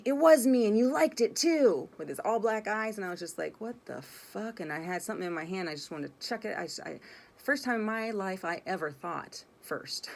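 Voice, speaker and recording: A woman telling a personal story in a casual, rambling way, blunt and swearing freely. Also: fairly low pitch. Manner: rambling, self-correcting delivery.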